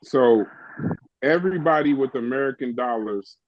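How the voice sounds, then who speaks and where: A man in casual podcast banter, excitable and profane, firing off questions. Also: mid-range voice, normal speed, slight background noise. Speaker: podcast co-host. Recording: dull podcast recording.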